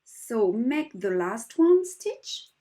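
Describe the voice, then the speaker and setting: Her words are drawn out, her voice a little high and very animated. A French woman using English as a second language, she works through an embroidery stitch step by step in a slow craft demonstration, patient and gentle, her English slightly broken.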